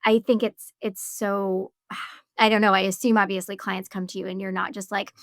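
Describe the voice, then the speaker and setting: A woman podcast host talking in a chatty, casual way, full of fillers and animated asides. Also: mid-range voice, moderate pace, dry recording, clean studio sound.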